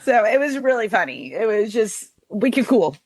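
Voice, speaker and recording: A woman's voice: a little high, big pitch swings, moderate pace, a little mellow, dry recording. A woman in her forties from New Hampshire with a light New England accent, talking casually as a guest on a podcast and laughing easily. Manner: chatty, quotes herself often, laughs easily. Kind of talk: casual interview conversation.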